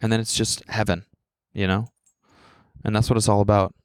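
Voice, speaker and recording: A young man co-hosting a podcast in casual chat, animated and swearing freely as he acts out quoted lines in a raised voice. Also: fairly low pitch, moderate pace, clear, resonant tone, no echo. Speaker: podcast co-host.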